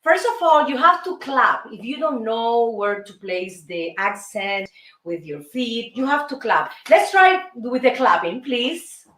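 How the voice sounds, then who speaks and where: A high-voiced woman teaches basic dance steps, counting beats aloud in an unhurried, playful manner. Her voice is heard from some distance in a roomy space, with faint music underneath. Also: big pitch swings. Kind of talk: casual dance lesson.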